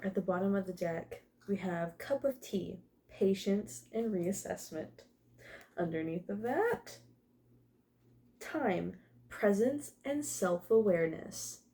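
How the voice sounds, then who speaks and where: Gravelly, mellow-voiced woman reading cards. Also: mid-range voice, takes it slowly, slight background noise. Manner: emotional, swears casually, laughs often. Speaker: tarot reader. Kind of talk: casual card reading.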